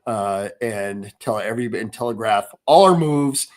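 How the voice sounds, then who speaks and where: A man's voice: fairly low pitch, lively intonation, measured pace. Rambling man hosting a podcast. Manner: rambling, with many fillers and restarts. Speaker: podcast host. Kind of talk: casual podcast chat.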